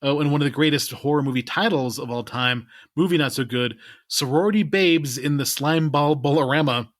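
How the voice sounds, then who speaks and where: This man's voice is fairly high and brisk, recorded with no echo. He's a podcast co-host chatting casually, rambling along in a laid-back manner and letting the ends of his lines trail away.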